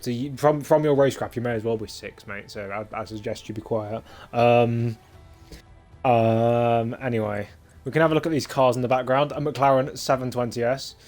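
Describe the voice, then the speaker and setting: A man's voice: medium pitch, darkish tone. A young man casually commentating a sim racing stream, rambling with lots of filler and cheeky, crude jokes.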